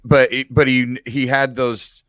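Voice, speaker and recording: Lower-voiced man, dry and frank. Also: measured pace, no echo. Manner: relaxed, frank, swears casually. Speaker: comedian podcast host. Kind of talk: casual podcast chat.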